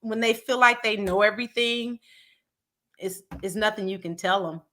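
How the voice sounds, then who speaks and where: A woman's voice: mid-range voice, a bit bright, slight background noise. A middle-aged woman co-hosting a podcast in casual chat, often chiming in with agreement. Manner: frequent agreeing backchannels, drawn-out phrasing. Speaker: podcast co-host.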